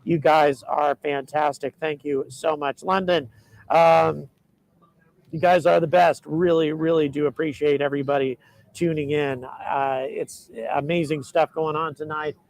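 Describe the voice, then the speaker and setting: A man hosting a livestream in casual chat, excitedly reading out viewers' locations and thanking supporters, with many ums and uhs. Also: on the high side, measured pace, creaky, low-quality recording. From United States. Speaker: livestream host.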